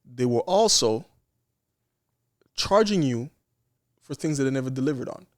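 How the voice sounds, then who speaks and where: Animated man telling a story. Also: medium pitch, normal speed. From Canada. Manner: animated, acts out quoted exchanges with frequent restarts. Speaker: podcast guest, nurse. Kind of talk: casual storytelling chat.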